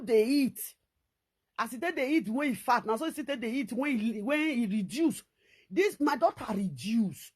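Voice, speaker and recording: A woman's voice: sits high, husky. Scolding Nigerian Pidgin woman vlogger. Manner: scolding, repetitive, animated. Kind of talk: ranting commentary to camera.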